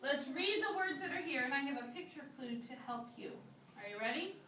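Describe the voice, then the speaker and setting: A woman teacher leading a classroom rhyming lesson, speaking slowly and clearly with encouraging prompts. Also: sits high, animated, pushed and bright. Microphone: camera in the room. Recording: roomy classroom sound from a distance with background noise.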